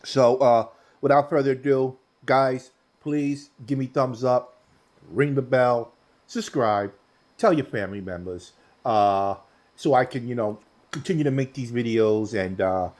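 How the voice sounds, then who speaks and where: A man, hosting a casual cooking vlog in a relaxed, chatty way and talking while he eats. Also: medium pitch, unhurried. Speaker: cooking channel host.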